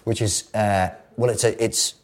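A man's voice: fairly low pitch, steady tone, measured pace, a little mellow. A man, a guest in a casual interview, rambling and self-deprecating with lots of hesitations. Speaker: guest actor.

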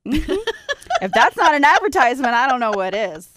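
A woman co-hosting a casual talk show, chatty and emphatic, quick to agree. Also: sits high, sing-song, a bit bright. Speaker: co-host. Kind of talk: casual chat.

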